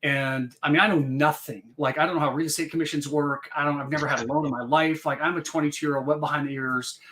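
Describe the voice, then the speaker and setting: A man guest on a podcast talks in quick, tumbling bursts with lots of ums and restarts. His voice sits a little above average in pitch. He sounds animated and keeps rambling on. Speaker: podcast guest, real estate investor. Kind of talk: casual storytelling.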